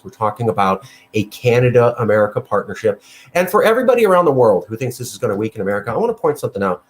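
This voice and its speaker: Emphatic man arguing his cause. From California. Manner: emphatic, repetitive, pitch jumping high when worked up. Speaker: movement leader speaking at a meeting. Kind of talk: impassioned argument.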